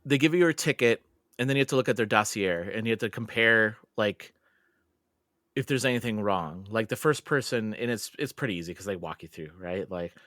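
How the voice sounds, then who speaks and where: Podcast host, male, deeper register, close dry sound, chatty and animated storyteller. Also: a little fast, no room sound. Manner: animated storytelling with laughs and filler words. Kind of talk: casual podcast chat.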